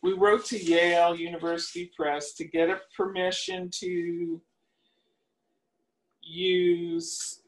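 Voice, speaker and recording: Slow-spoken older woman reminiscing. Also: fairly low pitch, level tone, low-quality recording. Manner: unhurried, searching for details, trailing off. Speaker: alumna interviewee. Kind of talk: oral history reminiscence.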